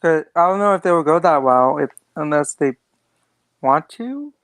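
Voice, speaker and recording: A chatty co-host with a smooth, clean voice, recorded close and dry with no room sound. They giggle often and keep cutting in with quick questions. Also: mid-range voice, expressive, no room sound. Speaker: podcast co-host. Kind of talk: casual chat.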